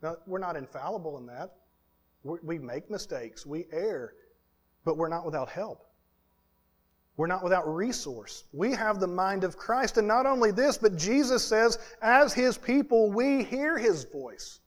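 A male pastor delivering a sermon in a fairly high voice. He speaks earnestly, stacking points in lists and repeating phrases, and sometimes drops to a hushed tone for emphasis. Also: moderate pace. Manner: earnest, building in lists and repetitions.

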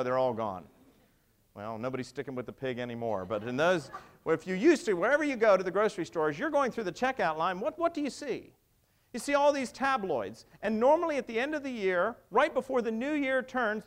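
A male pastor preaching a sermon, emphatic and wry, asking the congregation rhetorical questions. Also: sits high. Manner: wry humor.

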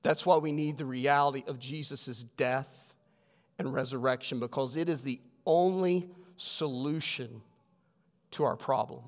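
A male pastor preaching a sermon with emphasis, his voice sinking low on key words. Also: measured pace. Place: church sanctuary. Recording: long hall reverb.

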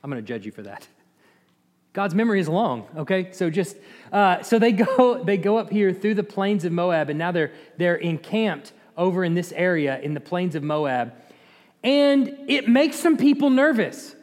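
A man leads a Bible study in an echoey church hall, retelling the story with animation, laughing and tossing asides to the class. His voice sits high and his pace is moderate.

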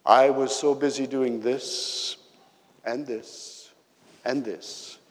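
A man preaching a sermon, telling stories with emphatic pauses and quiet drops in his voice. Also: medium pitch, steady tone. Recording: long reverb of a hall.

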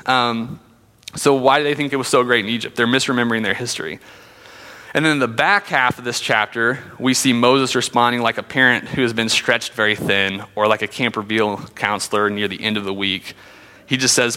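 Bright-voiced man teaching scripture. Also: medium pitch, steady tone, brisk, in a large hall. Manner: conversational, with frequent fillers. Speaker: Bible teacher. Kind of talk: sermon with scripture reading.

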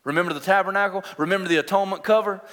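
A man's voice: high-pitched, fairly even intonation, rapid-fire, fairly bright tone. A young adult man preaching a sermon as pastor, impassioned and drawing the congregation in. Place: church. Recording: long reverb of a church hall.

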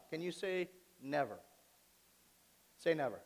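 A male pastor preaching a sermon, swinging between quiet asides and loud, pleading outbursts. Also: a little high, lively intonation, slow pace, long pauses. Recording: long reverb of a large hall.

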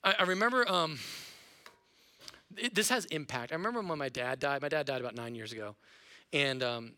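A middle-aged male pastor preaching a sermon in a playful, animated way, acting out voices of his listeners. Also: on the high side, brisk. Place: church auditorium.

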